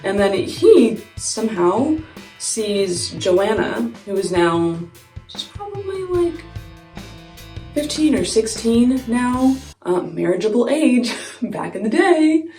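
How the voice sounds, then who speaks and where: A woman's voice: on the high side, very animated, takes it slowly, mellow. A young woman telling a story in a casual, chatty way, full of "like" and giggles, while doing her makeup. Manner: chatty, many "like" fillers, giggling. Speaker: vlogger. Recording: echoey room, far mic, faint music.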